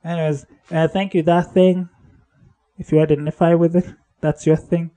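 A man's voice: flat delivery, moderate pace, dark tone. A man hosting a solo podcast, talking casually in a rambling way and correcting himself as he goes. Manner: rambling, self-correcting, drifts between upbeat and low-key. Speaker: podcast host.

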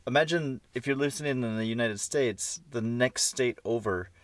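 A man's voice: mid-range voice, normal speed, no echo. Jokey man podcast co-host. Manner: jokey, self-mocking storyteller. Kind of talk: casual chat.

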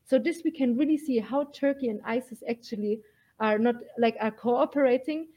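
A woman's voice: fairly high pitch, normal speed, warm tone. A woman guest in an interview, talking earnestly and emphatically, with many fillers. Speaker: guest, militia fighter.

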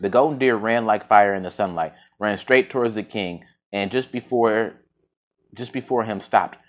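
Reading a fable for a podcast at normal speed, this man has a lowish voice. He trips over words and fixes them frequently, dropping in slangy, offhand comments along the way.

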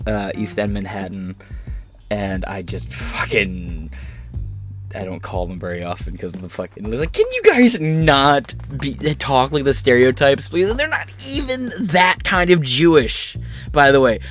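A man's voice: medium pitch, big pitch swings, unhurried, fairly bright tone, soft background music. A man hosting a casual commentary show, blunt and sardonic, swearing freely while reading out and reacting to news. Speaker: commentary channel host.

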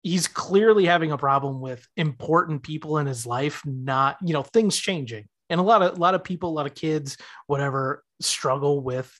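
A man's voice: fairly high pitch, normal speed, hardly any pauses. Thirties guy on a podcast, chatty, keeps doing the characters' lines when he retells stuff. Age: 30s. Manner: animated, acts out characters' lines while retelling. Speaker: podcast co-host. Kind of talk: casual chat recapping a TV episode.

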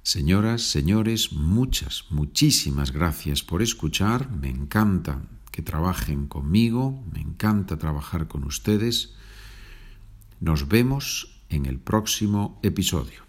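Brief Male podcast language teacher, deep husky voice, patient and chatty. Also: expressive. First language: Spanish. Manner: slow deliberate example sentences, chatty asides ending in "okay?".

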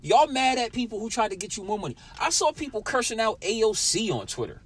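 Very animated and fast-talking, a young podcast host with a high voice rants alone at his listeners, swearing heavily in a sour, angry mood. Slight background noise is audible.

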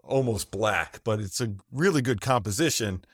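A man co-hosting a podcast in casual chat, jokey and quick to mimic others in mocking voices. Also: lowish voice, lively intonation, husky, no echo, clean studio sound. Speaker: podcast co-host. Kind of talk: casual chat reviewing old wrestling.

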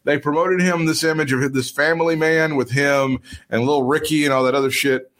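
A man's voice: a little high, steady tone, brisk, fairly bright tone. A man co-hosting a podcast in casual chat, crude and joking, laughing often. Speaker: podcast co-host.

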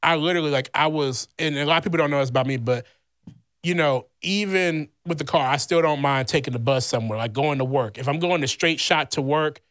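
A man's voice: a little high, a little fast, dry recording, studio quality. Foul-mouthed, blunt man telling a story. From Louisiana. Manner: heavy swearing, blunt and animated; rambling with many fillers. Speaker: podcast host. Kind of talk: casual storytelling chat.

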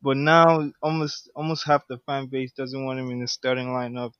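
A man co-hosting a relaxed podcast, talking hesitantly at a mid pitch with plenty of restarts and "um"s. His audio sounds slightly dull and lo-fi. The sound is dry. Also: moderate pace, no room sound. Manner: hesitant, stammering with many "um"s. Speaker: podcast co-host. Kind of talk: casual chat.

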